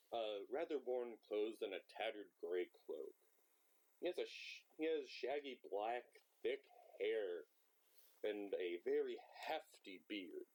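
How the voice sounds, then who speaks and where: Laid-back man running the game, dark voice. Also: lowish voice. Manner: casual, loose, swears freely. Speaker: game master. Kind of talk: running an online tabletop game.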